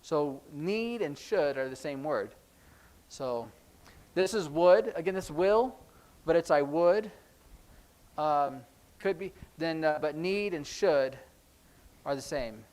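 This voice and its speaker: A man teaching a sign language class in a church classroom, explaining in a relaxed, conversational way with frequent ums. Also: fairly high pitch, slow. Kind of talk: classroom lesson.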